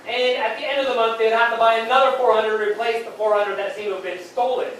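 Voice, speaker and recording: A man doing stand-up storytelling on stage, rambling and halting, with many fillers and restarts. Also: very high-pitched, steady tone, a bit bright. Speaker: stand-up comic. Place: beer hall comedy stage. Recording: very echoey hall, distant mic, faint noise.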